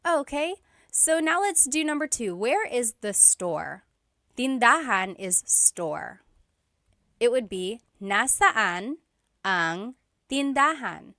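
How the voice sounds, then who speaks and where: A woman teaching a language lesson, explaining slowly and carefully with repeated example phrases. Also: fairly high pitch, animated, sharp tone, dry recording, clean studio sound.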